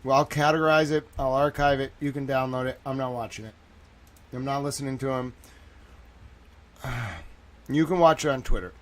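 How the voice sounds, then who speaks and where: A man hosting a live reaction stream, swearing freely and swinging between low mutters and loud exclamations. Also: fairly even intonation, normal speed, pauses often.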